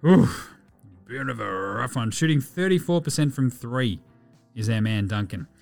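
A man's voice: medium pitch, lively intonation, a little slow, gravelly, darkish tone, faint music behind. An Australian man hosting a podcast, giving a casual, chatty rundown of basketball games, swearing freely as he goes. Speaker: podcast host.

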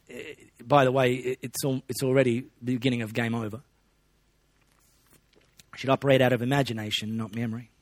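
A man preaching a sermon in a relaxed, conversational way, with joking asides to the congregation. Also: medium pitch, no echo, studio quality. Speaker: pastor.

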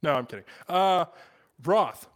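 A young man co-hosting a podcast, with a lively voice that swings up and down and sits a little high. He jokes crudely and laughs often, in loose casual banter. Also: measured pace. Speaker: podcast co-host.

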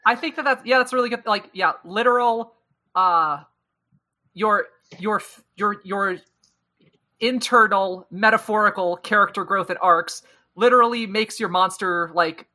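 An American co-host with a bright, forceful voice riffs in a casual podcast chat. The talk is quick and full of fillers and jokes. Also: medium pitch. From United States. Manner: quick, filler-heavy, joking.

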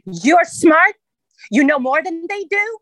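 A woman's voice: very high voice, very animated, slow, a bit bright, no echo, poor audio. A woman with a Serbian accent, speaking emphatically and passionately as a guest in a radio interview.

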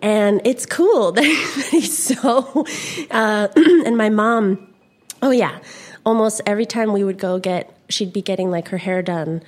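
A woman's voice: medium pitch, a little slow, a little mellow. A young woman from California, a guest in a casual conversation, rambling with many fillers and frequent giggles.

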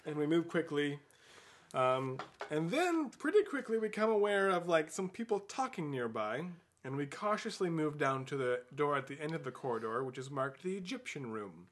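A man's voice: a little high, big pitch swings, normal speed. A man co-hosting a podcast, animatedly retelling an adventure book in casual chat, laughing often. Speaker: podcast host.

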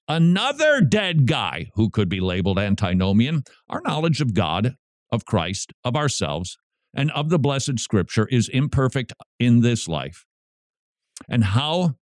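A man's voice: medium pitch, a little mellow, no room sound, clean studio sound. A man hosting a radio show, preaching with emphatic, repeated lines. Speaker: radio host.

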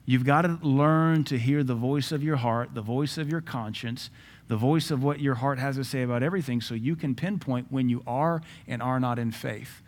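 A middle-aged pastor preaching to his church in a voice of ordinary pitch. He speaks, mixes earnest teaching with jokes, and acts out the voices he quotes. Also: normal speed. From Southern US. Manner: lively preaching, acting out quoted voices, joking asides. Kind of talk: sermon.

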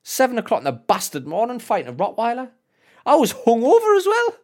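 A Northern English man co-hosting a podcast, telling an animated story full of swearing and frequent laughter. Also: extremely high pitch, fairly quick. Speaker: podcast co-host. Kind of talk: casual chat, storytelling.

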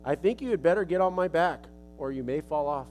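A man's voice: fairly high pitch, lively intonation, a little fast, darkish tone, faint music behind, pitched below the performer's own voice, close to an everyday voice. A man voicing a sly, cunning fox who coaxes with false kindness. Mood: coaxing. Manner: coaxing, falsely kind.

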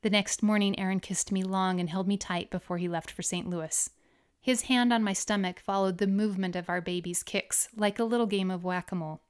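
A woman narrating her own memoir in an audiobook reading, with expressive storytelling. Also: medium pitch, fairly quick, smooth.

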